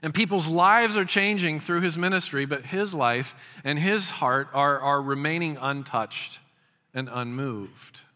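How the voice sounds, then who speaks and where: A man's voice: fairly high pitch, measured pace, pushed and bright. A man in his fifties preaching a sermon as a pastor, emphatic and prone to repeating words as he starts a phrase. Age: 50s. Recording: long hall reverb.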